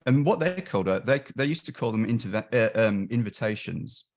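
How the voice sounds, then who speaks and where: A man on a webinar video call, explaining his years of crisis line volunteering, with frequent restarts and quick acted-out quotes of callers and helpers. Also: lowish voice, expressive. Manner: frequent restarts and self-corrections. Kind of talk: webinar discussion.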